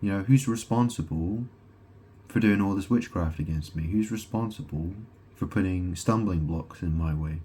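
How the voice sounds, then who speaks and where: A man's voice: low voice, moderate pace, mellow, husky. A man talking straight to camera in a rambling monologue, swearing freely, repeating himself, breaking off and restarting, and firing rhetorical questions at the listener. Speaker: self-proclaimed god vlogger.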